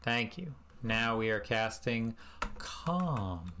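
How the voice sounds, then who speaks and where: A man's voice: medium pitch, unhurried, a bit bright, slight background noise. A man giving casual gameplay commentary as a streamer, self-mocking and muttering his in-game commands aloud. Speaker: speedrunner and streamer.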